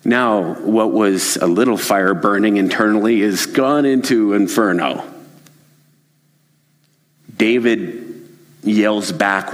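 Low-voiced preacher in a reverberant hall. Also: male voice, takes it slowly. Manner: earnest, conversational, animated. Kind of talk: sermon storytelling.

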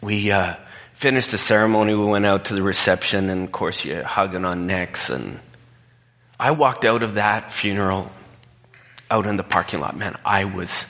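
A man's voice: lowish voice, moderate pace, fairly bright tone, in a large hall. A male pastor preaching a conversational sermon, telling a personal story in a candid, emotional way.

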